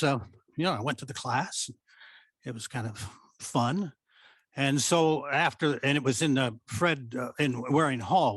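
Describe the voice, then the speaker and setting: A man's voice: mid-range voice, no room sound. An older man from the American Midwest, a former theatre director, telling stories from his career and acting out what people said. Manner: animated storyteller who acts out quoted speech. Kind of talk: storytelling reminiscence at a talk.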